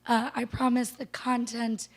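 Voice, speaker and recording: A woman with a hoarse voice she has lost, giving a formal introduction of a guest lecturer into a handheld microphone, partly whispering. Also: on the high side, level tone, a little slow. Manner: apologetic, partly whispered delivery. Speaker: faculty member introducing the speaker. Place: lecture room.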